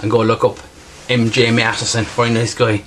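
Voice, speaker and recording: A man's voice: medium pitch, level tone, normal speed, background noise. A man with a strong regional accent, chatting casually through an unboxing as a bushcraft vlogger and repeating himself often.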